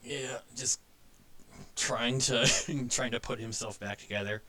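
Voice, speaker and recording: Guy running a tabletop game, slow and halting, lots of uhs. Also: medium pitch, steady tone, pushed and bright. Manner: halting, filler-heavy narration. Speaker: game master.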